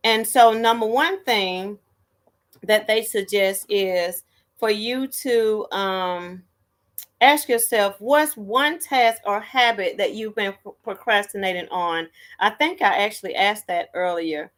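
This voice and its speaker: A woman's voice: mid-range voice, slow pace, a bit bright. A woman hosting a casual live stream, chatty and greeting viewers by name.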